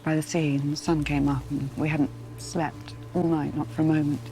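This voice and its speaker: An actress playing a yearning, lovelorn 19th-century gentlewoman in a period television drama, speaking in a pleading, intimate way. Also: deep voice, little pitch movement, normal speed, faint music behind.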